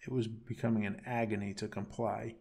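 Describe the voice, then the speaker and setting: Brief: male storyteller, low and gravelly, slow somber bedtime reading. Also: flat delivery, mellow.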